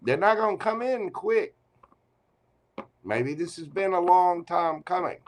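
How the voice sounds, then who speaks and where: A man's voice: high voice, lively intonation, a little slow. A man giving a live tarot reading, teasing and playful as he talks straight to the listener. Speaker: tarot reader.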